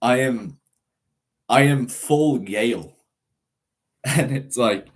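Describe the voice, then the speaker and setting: A man's voice: medium pitch, very slow. A nineteen-year-old man from Ireland with an American-sounding accent, chatting casually on a live stream, reading chat aloud and rambling with lots of fillers. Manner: laid-back, rambling, reads chat aloud, frequent laughs and fillers.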